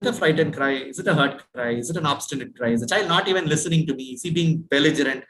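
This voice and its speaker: A man's voice: fairly high pitch, racing, fairly bright tone. Indian male dental lecturer, echoey room. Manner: questioning, repeats points, asks students. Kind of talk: classroom lecture.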